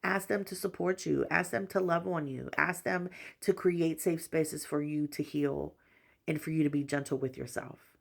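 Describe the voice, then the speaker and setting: A woman tarot reader giving a spiritual collective reading, talking gently and reassuringly in repeated affirmations, with frequent "you know" fillers. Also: deep voice, steady tone, normal speed, vocal fry.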